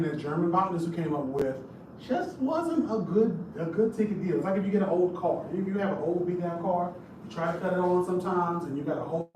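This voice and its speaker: A man giving a casual live history talk, chatty and jokey, speaking straight to his audience. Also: high-pitched. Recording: echoey room, distant mic, background noise.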